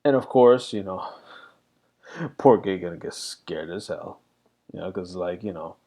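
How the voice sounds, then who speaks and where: A man's voice: low-pitched, expressive, measured pace, dark tone. A middle-aged man reflecting candidly in a rambling casual monologue, full of fillers. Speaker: vlogger.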